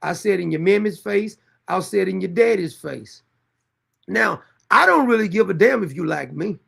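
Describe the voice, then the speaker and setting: A man hosting a commentary show, ranting in a blunt, taunting, profane way with a gravelly voice. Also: sits high, animated, normal speed, a bit bright. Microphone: desktop mic for live streaming.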